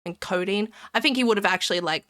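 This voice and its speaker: A woman streamer in casual live-stream chat, excitable and giggly, rambling and repeating herself. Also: mid-range voice, fast, no room sound, studio quality.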